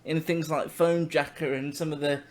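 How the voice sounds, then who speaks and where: A man's voice: a little high, flat delivery, moderate pace. A man hosting a casual review podcast, enthusiastic and self-deprecating. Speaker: podcast host.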